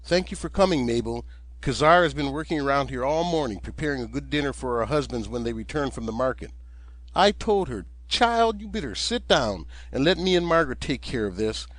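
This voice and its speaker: A man voicing a caring older farm woman who speaks in a warm, motherly but firm way. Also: medium pitch, animated, brisk, dry recording, lightly acted. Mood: grateful.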